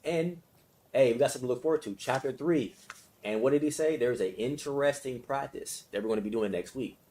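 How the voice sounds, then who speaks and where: A man's voice: medium pitch, fairly quick, warm tone. A man leading a casual self-help lesson and guided meditation, talking conversationally, repeating himself and checking in with his listeners. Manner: conversational, repetitive, with frequent check-ins; laughs between phrases. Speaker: self-help study leader.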